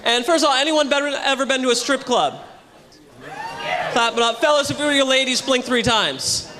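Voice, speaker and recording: A man doing a loud, punchy stand-up comedy set on a hotel ballroom stage, with a live audience audible. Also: very high-pitched, a little fast, background noise. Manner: loud, punchy delivery to a crowd.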